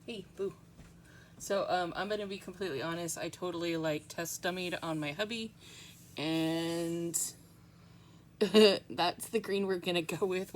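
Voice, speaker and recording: A woman chatting casually through a nail art tutorial at home, rambling with frequent ums. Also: fairly low pitch.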